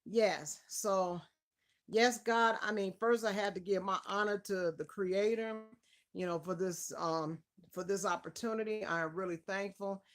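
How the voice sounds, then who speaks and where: A woman's voice: mid-range voice, steady tone, unhurried. A woman hosting a casual live stream interview, effusive and greeting her viewers by name.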